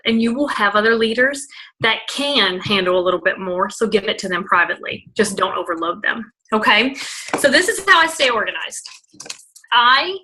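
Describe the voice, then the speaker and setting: A young woman leader giving a casual, bubbly training talk, full of "like" and fillers, loud and outgoing. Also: medium pitch, poor audio. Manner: self-described loud and out there. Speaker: network marketing team leader.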